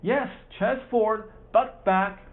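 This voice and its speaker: A man voicing an eager middle-aged boat skipper, reading his lines haltingly with excited shouts. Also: on the high side. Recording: tinny phone-like sound.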